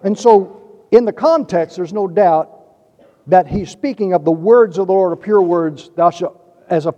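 A man preaching a sermon, reading scripture in a measured way and stressing key words. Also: high-pitched, warm tone. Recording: dull lo-fi with long reverb.

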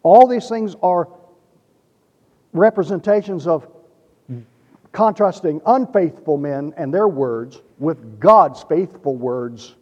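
A man preaching a sermon, reading scripture in a measured way and stressing key words. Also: on the high side, animated, darkish tone. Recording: dull lo-fi with long reverb.

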